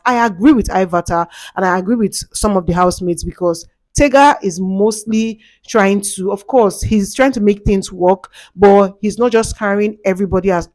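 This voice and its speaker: A woman's voice: mid-range voice, a little mellow, no echo. A young Nigerian woman with a Nigerian accent, chatting animatedly about reality show drama and slipping into Pidgin asides. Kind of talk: casual chat.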